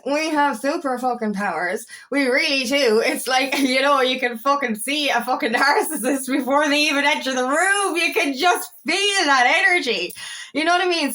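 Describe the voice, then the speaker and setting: A young woman, a coach talking excitedly and rambling, swearing freely as she speaks to camera. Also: high-pitched. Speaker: empowerment coach. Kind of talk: casual talking-to-camera monologue.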